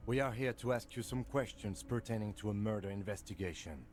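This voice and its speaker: An actor voicing a reserved, composed police lieutenant in a video game, speaking in a clipped, formal way. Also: male voice, lowish voice, a little fast, a little mellow, soft background music, natural voice. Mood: stern.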